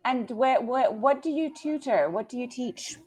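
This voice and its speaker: A woman with a London English accent tutors a student over a video call, encouraging him with praise between hesitant ums and uhs. Her voice is a little higher than most women's. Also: measured pace, a little mellow, slightly rough. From London, England. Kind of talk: casual video call conversation.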